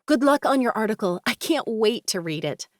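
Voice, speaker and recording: A woman voicing a caring young female friend who fusses and worries, in a brighter, higher voice than her narration. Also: lively intonation, moderate pace, no room sound, studio quality, lightly acted. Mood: concerned.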